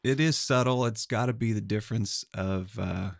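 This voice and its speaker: A middle-aged man from Oklahoma with an Oklahoma accent, hosting a podcast in a relaxed, meandering chat with easy chuckles. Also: lowish voice, moderate pace, gravelly, no room sound, clean studio sound. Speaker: podcast host. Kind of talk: casual chat.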